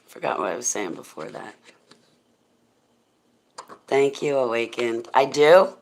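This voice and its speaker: Deep smoky-voiced woman chatting slowly. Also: animated, a little mellow, slight background noise. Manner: rambling, goofy, thanks chat viewers. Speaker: livestream host. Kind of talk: casual livestream chat.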